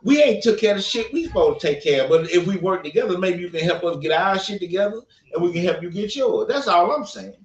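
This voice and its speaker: A man's voice: high-pitched, animated, fast, hardly any pauses. A man co-hosting a casual opinion podcast, speaking in an earnest, emphatic, preachy way. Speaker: podcast co-host. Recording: roomy, distant, dull sound.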